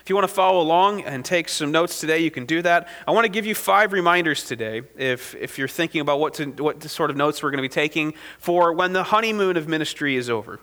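A man's voice: a little high, fast talker, hardly any pauses, bright, forceful tone, big-room sound. A man preaching a sermon as a pastor, in a conversational style with frequent "right?" asides to the congregation.

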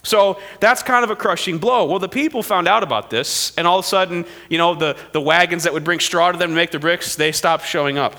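High bright-voiced preacher in a hall. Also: male voice, fairly quick, hardly any pauses. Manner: animated storytelling, acting out quoted figures. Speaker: pastor. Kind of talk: sermon.

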